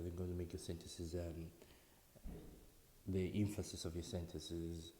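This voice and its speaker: Man, very low voice, mellow tone, teaching writing, repeats words for emphasis, reverberant room. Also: a little hiss or hum. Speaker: English teacher. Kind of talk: online writing lesson. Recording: echoey room with long reverb.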